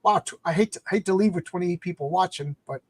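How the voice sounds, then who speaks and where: A man's voice: high-pitched, fast talker, no echo. A man hosting a casual late-night comics live stream, rambling as he retells comic plots.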